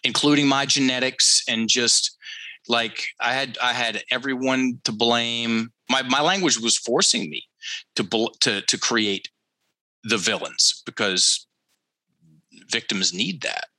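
Man with a sharp, forceful voice. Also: medium pitch, slow pace, no room sound, low-quality recording. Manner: emphatic, repeats key phrases for effect; addresses listeners directly, teacherly. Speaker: podcast guest. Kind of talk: conversational storytelling.

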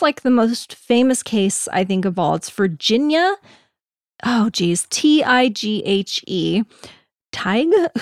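A woman's voice: mid-range voice, dry recording, studio quality. A woman hosting a podcast, casually recounting stories with many fillers. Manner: storytelling, laid-back with fillers. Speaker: podcast host.

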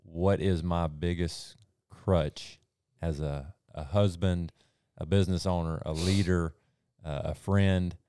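A man's voice: deep voice, fairly even intonation, slow pace, few pauses, warm tone, smooth, no echo. A man speaking earnestly and reflectively in a casual faith discussion. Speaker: group discussion member.

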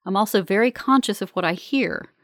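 A woman reading a first-person story aloud in a calm, measured, earnest way. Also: mid-range voice, no echo, studio quality. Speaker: narrator. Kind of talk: first-person audiobook narration.

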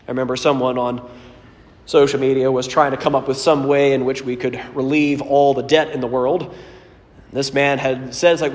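Pastor preaching in a reverberant hall. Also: male voice, mid-range voice, level tone, normal speed. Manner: earnest, storytelling, shifts between loud emphasis and quiet asides. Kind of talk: sermon.

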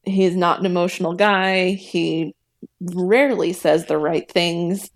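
A woman's voice: on the low side, fairly even intonation, slow. A young woman talking openly as a podcast guest, chatty and laughing between sentences. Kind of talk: candid personal conversation.

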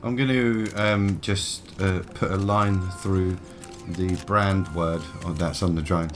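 A man playing a tabletop game, with a gruff, blunt, curt way of talking. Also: low-pitched, fairly even intonation, slow, over music. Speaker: player.

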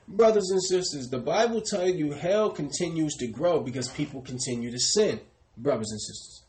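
Man, preacher, sermon delivery, a little high-pitched, repeats his phrases. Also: expressive, moderate pace, darkish tone, poor audio. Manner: addresses "brothers and sisters" constantly, directs a reader.

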